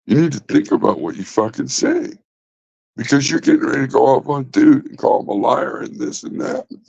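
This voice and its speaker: A man's voice: mid-range voice, gravelly, a little mellow, dry recording. A man hosting a casual livestream from his phone, rambling and swearing bluntly. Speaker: livestream host. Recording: dull lo-fi phone audio.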